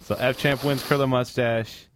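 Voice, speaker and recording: A man hosting a casual gaming podcast, talking in animated, excitable banter. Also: mid-range voice, moderate pace, slight background noise. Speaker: podcast host.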